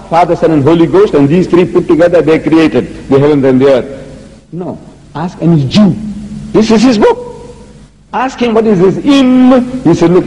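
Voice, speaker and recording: A man giving a public lecture on religion, talking emphatically and firing rhetorical questions with wide pitch swings. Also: mellow, long reverb tail, rough recording.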